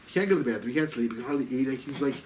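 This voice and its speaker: A rapid-fire rabbi delivers a storytelling Torah class, full of excitement and Yiddish and Hebrew terms. He acts out the people he quotes with abrupt jumps in pitch, captured by a faraway mic over faint background noise.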